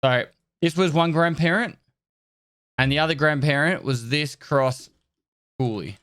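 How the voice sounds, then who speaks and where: A man's voice: fairly high pitch, unhurried, fairly bright tone, clear, resonant tone, no echo, studio quality. A man chatting casually to his livestream viewers, rambling and tripping over words, laughing and swearing as he goes. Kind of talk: casual chat with chat.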